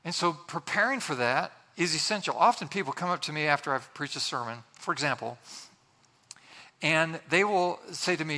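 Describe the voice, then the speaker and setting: Brief: male pastor, earnest and chatty sermon delivery, fairly high voice, long church reverb. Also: expressive, moderate pace, pushed and bright. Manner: earnest, conversational, frequent restarts.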